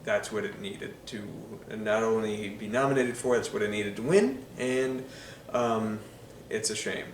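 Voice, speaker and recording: A man with a fairly low voice gives casual, enthusiastic film commentary, pausing often on ums and uhs. He sits a little back from the mic in an echoey room, with a faint hiss underneath. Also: far from the mic. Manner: enthusiastic, filler-heavy with frequent ums and uhs. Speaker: film reviewer. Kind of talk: casual spoken movie commentary.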